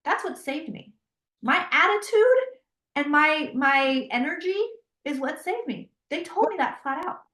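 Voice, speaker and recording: A woman guest in an interview, telling a personal story in a casual, animated way and quoting herself in dialogue. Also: high voice, a little slow. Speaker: guest, psychic tarot reader. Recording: roomy echo.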